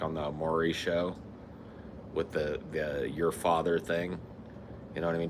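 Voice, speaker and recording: A man's voice: deep voice, noisy background. A man co-hosting a podcast, telling stories with lots of swearing, laughter and voice impressions. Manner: animated storytelling, mimics voices, laughs often, swears freely. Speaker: podcast co-host. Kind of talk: casual comedic chat.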